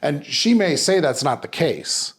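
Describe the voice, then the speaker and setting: A man's voice: fairly high pitch, unhurried, breathy edge. A man hosting a podcast, talking casually and animatedly, swearing freely and acting out the people in his stories. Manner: animated storyteller, swears freely, acts out quotes. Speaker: podcast host.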